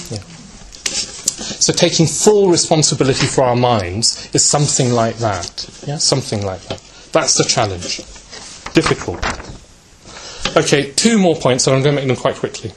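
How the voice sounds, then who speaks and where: In a reflective spiritual talk, a man tells a story slowly and gently, filling it with fillers and often checking in with "yeah?" He changes his pitch to give voice to the characters.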